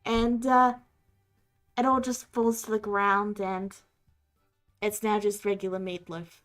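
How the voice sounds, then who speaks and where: A woman's voice: medium pitch, level tone, slow, a bit bright, soft background music. A woman narrating as game master of a tabletop game, voicing the characters. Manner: voices many characters.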